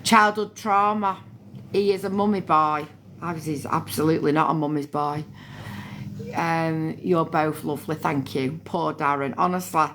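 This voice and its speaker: A woman's voice: low-pitched, steady tone, normal speed, fairly bright tone, a little hiss or hum. A middle-aged woman, chatting casually on a phone livestream and thanking viewers by name. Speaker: livestream host.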